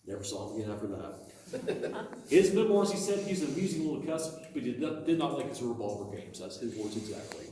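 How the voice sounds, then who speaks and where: A man, a cave tour guide telling a story in a lively, folksy way. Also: mid-range voice, fast. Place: large underground cave. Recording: echoey cave from far off with faint noise.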